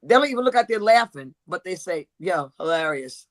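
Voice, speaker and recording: An outspoken woman host talks frankly in a casual chat. Her voice sits a little high. The sound is close and dry, with almost no room around it. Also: quick pace, no room sound. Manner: blunt, animated, calls herself an old-school lady.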